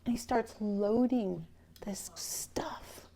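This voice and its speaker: A woman telling an emotional personal story to a live audience, animated and swinging from loud to near-whisper. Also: medium pitch, extremely slow, creaky. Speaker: speaker telling her real estate story.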